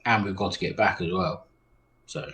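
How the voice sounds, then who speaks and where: A man with a very deep voice plays at a tabletop session. He speaks in a wry, blunt way. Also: normal speed, pushed and bright. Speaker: player. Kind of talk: tabletop play.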